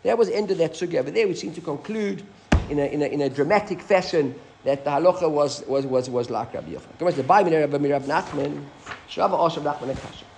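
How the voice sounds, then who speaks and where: Man, Talmud teacher, fairly high voice, animated, reads Aramaic then explains in English. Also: fast talker, gravelly, a little hiss or hum. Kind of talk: live Talmud class.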